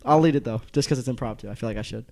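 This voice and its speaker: Fast-talking teasing young podcast co-host. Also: male voice, medium pitch, vocal fry, darkish tone. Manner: quick, teasing, joking. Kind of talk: casual chat.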